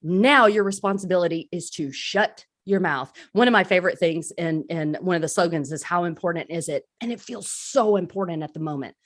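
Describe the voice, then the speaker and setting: A woman's voice: fairly low pitch, brisk, hardly any pauses. A woman speaking in a candid, self-deprecating way, giving a casual recovery talk on a live stream as a crisis support speaker.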